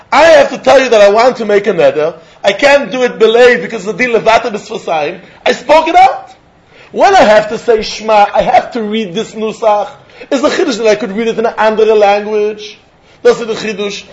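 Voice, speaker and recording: A man giving a Talmud lecture, animated, firing rhetorical questions and chuckling often. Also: high-pitched. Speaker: Talmud teacher. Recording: dull lo-fi recording.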